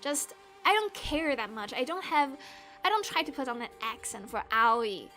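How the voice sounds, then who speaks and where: A woman from Asia chatting casually on a livestream, self-deprecating and quick to laugh. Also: high-pitched, lively intonation, sharp tone, soft background music. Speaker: streamer.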